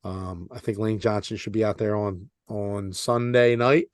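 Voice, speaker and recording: A podcast co-host from the Philadelphia area, with the accent to match, rants bluntly and swears in casual chat. His voice is fairly low and fairly even in intonation, at a measured pace, in a dry, clean studio recording.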